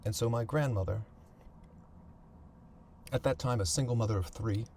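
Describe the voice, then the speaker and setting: Halting man telling a family story. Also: medium pitch, gravelly, darkish tone, a little hiss or hum. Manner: halting, repeats words, thinks aloud. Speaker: podcast host.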